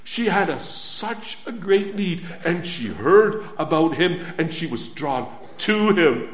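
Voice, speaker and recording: A man with a high voice preaches slowly to his congregation, pressing each phrase and repeating it. His delivery drops to a hush, then swells loud again. The room around him rings with echo. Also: sing-song. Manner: emphatic, repeating phrases, swinging from hushed to loud. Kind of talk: sermon.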